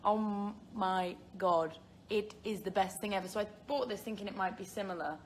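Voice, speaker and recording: A young Englishwoman, an actress, reads fan questions aloud and chats casually on a phone livestream, laughing often and leaning on filler words. Her voice sits in the mid-range at a moderate pace, with slight background noise.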